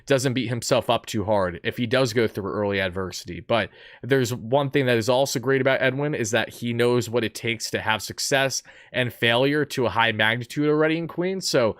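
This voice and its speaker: A man's voice: mid-range voice, normal speed, fairly bright tone, no echo, clean studio sound. Eager man hosting a sports talk show. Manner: eager, gushing fan talk, uh fillers. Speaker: podcast host. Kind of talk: fan-focused sports talk.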